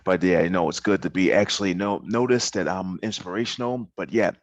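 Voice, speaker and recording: A man hosts a casual podcast interview in a fairly low voice. He speaks haltingly, with plenty of fillers and restarts. The sound is dry and close. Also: steady tone, no room sound. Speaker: podcast host. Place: hotel during a convention.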